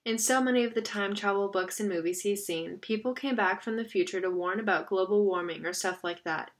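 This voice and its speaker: A woman narrating a novel aloud in an expressive, steady reading style. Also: medium pitch, a little fast. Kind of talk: audiobook reading.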